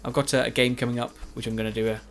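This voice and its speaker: A Let's Play commentator talks very fast in a mid-range, flat voice. He chats and rambles over his own recorded gameplay, poking fun at himself as he goes.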